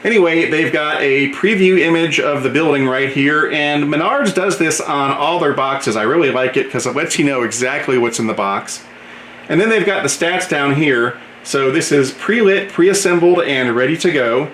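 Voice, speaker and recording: A man's voice: a little high, moderate pace, a bit bright. A man hosting a model train channel, chatting enthusiastically as he unboxes a product and describes each item he shows. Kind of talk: casual unboxing commentary. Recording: roomy echo, faint background hum.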